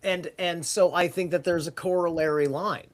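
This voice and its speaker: Man, rambly podcast talker, highish voice, casual swearing. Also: fairly even intonation, moderate pace.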